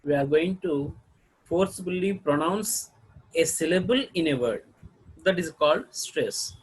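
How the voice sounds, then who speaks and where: A man with an Indian English accent giving a video lesson on pronunciation, halting often to clear his throat. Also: on the high side, animated, rough recording. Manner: halting, frequent throat clearing and filler sounds. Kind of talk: lecture-style video lesson.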